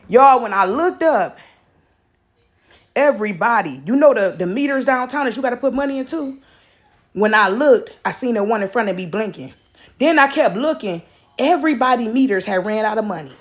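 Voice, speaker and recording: Brief: woman, high voice, animated casual storyteller talking straight to camera. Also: moderate pace. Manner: animated, emotional, talks straight to viewers. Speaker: vlogger telling a personal story.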